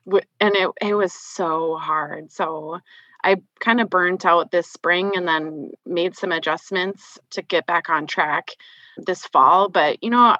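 A woman's voice: lowish voice, steady tone, takes it slowly, pushed and bright, dry recording. A woman in her thirties with a Minnesota accent, chatting candidly as a podcast guest and often using "like" as a filler. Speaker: guest, financial planner. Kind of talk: casual podcast conversation. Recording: dull lo-fi remote audio.

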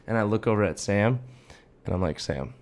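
With a lowish, slightly mellow voice and a fairly quick delivery, a young podcast co-host chats casually. He spins out a long, meandering story stuffed with filler words.

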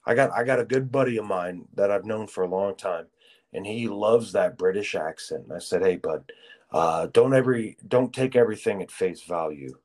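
A man's voice: lowish voice, normal speed, darkish tone, no echo. A man co-hosting a podcast, ranting bluntly and profanely in casual chat. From United States. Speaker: podcast co-host.

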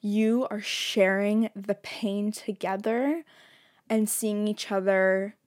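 A woman's voice: medium pitch, fairly even intonation, slow, a little mellow. A young woman hosting a podcast, talking openly and emotionally in a casual monologue, swearing freely and laughing as she talks. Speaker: podcast host.

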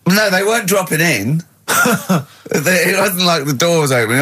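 A man's voice: on the high side, animated, moderate pace, sharp tone, slightly rough. An English man hosting a radio show, bantering, laughing often and spinning long, rambling comic scenarios. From England. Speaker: radio host. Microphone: studio microphone.

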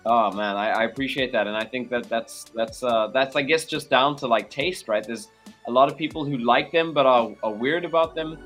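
A man's voice: mid-range voice, normal speed, fairly bright tone, faint music behind. Rambling man with a mid-range voice. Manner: rambling, many fillers and restarts. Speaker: game developer guest. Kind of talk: casual chat.

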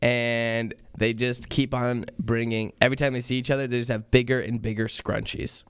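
A man's voice: medium pitch, level tone, clear, resonant tone, dry recording, studio quality. A man co-hosting a podcast, tossing out teasing jokes in casual comedy chat. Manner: teasing, quick jokey interjections. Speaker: podcast co-host.

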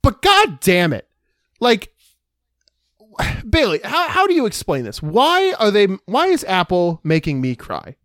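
A man co-hosting a podcast in casual chat, telling a story with animated, exaggerated dismay. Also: high-pitched, a little slow, no room sound, studio quality. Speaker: podcast co-host.

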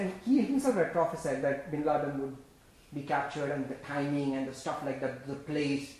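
High-voiced man preaching in an echoey church. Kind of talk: sermon.

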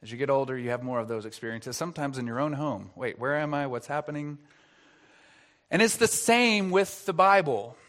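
A man's voice: fairly high pitch, fairly bright tone. A man preaching an expository sermon as pastor, earnest, asking rhetorical questions and stressing key words.

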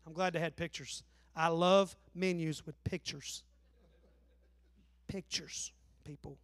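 A man's voice: fairly high pitch, fairly even intonation, slow, a bit bright, dry recording. A man, preaching a sermon in a folksy, joking storytelling way. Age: 40s. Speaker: pastor. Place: church.

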